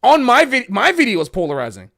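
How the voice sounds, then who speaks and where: A fired-up man talking straight to his livestream, emotional and passionate. His voice is fairly high for a man and swings widely in pitch as he makes his points. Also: wildly swooping pitch, quick pace, fairly bright tone. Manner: emotional and passionate, says bro a lot. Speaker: jazz musician streaming a Q&A. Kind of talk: casual livestream rant.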